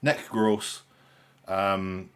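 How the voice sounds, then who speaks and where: A man's voice: deep voice, drawn-out words, a bit bright. A young man hosting a live stream in casual chat, with dry, sarcastic humour and a rambling way of talking. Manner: rambling, with frequent restarts and fillers.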